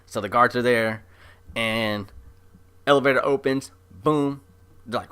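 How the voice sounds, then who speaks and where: A man giving a casual, excited recap of an episode as an anime reviewer, chatty and full of fillers. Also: mid-range voice, a little slow, clean tone. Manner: chatty, animated retelling with many fillers.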